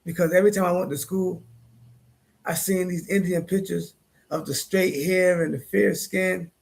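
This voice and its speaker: Man, high voice, gravelly, husky, casual livestream talk, emphatic and repetitive. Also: steady tone, normal speed. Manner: repetitive, emphatic, conversational with slang. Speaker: streamer host.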